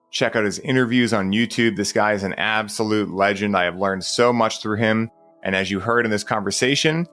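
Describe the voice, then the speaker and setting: A man's voice: fairly low pitch, a bit bright. A man hosting a podcast in a laid-back, slangy way, acting out quotes as he tells stories. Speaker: podcast host. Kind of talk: casual podcast chat.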